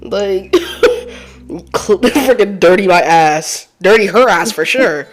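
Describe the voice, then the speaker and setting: A woman streaming a game, chatting casually in animated, profane banter and laughing often. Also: medium pitch, slow. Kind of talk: casual let's-play chat.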